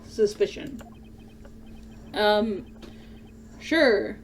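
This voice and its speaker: A woman's voice: mid-range voice, sing-song, extremely slow, a little hiss or hum. A woman streaming a video game playthrough, cracking sarcastic jokes about the story. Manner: joking, sarcastic, laughs often. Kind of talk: let's-play commentary.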